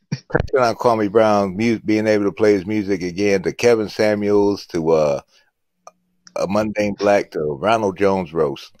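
A man needling another panelist in slow, drawling roast banter on a live stream. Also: on the low side, darkish tone, no echo.

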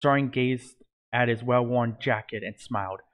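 A man's voice: medium pitch, normal speed. A man reading a fan-written adventure story aloud in an amateur way, stumbling and correcting himself. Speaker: narrator.

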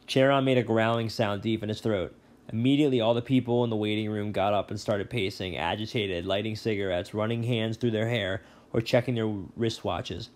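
A male teacher reading a novel chapter aloud, relaxed, with brief asides and self-corrections. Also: on the low side, fairly quick.

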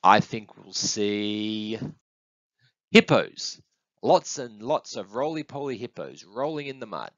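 A man doing an eager little boy camel, high and bouncy. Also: normal speed, gravelly, hardly any pauses, no room sound. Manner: high, excited, eager questions. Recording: dull, dry close recording.

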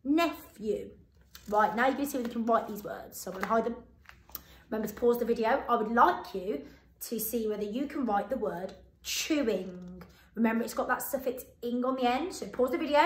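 A woman teacher with a British accent, giving a phonics lesson to children and sounding out each letter slowly and clearly. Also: fairly high pitch, roomy sound, low-quality recording. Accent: British English. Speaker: primary school teacher.

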